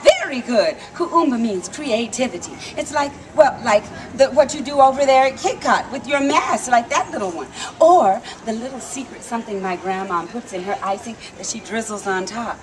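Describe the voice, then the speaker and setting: A woman telling a story live to an audience, lively and coaxing the crowd to call back. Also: a little high, normal speed, hardly any pauses. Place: outdoor theme park stage. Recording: noisy live outdoor recording.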